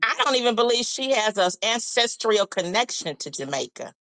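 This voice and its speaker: A woman's voice: fairly high pitch, big pitch swings, moderate pace, a bit bright, dry recording. A woman chiming in on a live talk show, blunt and openly mocking.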